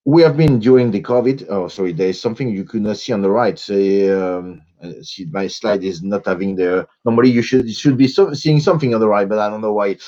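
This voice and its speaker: A man's voice: fairly low pitch, a little fast, dark tone. A man with a French accent presenting on a video call, hesitant with many fillers and small laughs. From France. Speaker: panelist, consulting firm executive. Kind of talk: webinar presentation. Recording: dull lo-fi video call audio.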